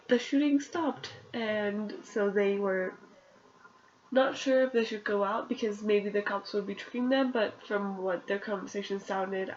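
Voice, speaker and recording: Woman, sick with a runny nose, chatty rambling book recap, dull lo-fi recording with faint hiss. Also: mid-range voice. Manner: chatty, rambling, with fillers and little laughs. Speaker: book reviewer recapping chapters. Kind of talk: casual spoken book summary.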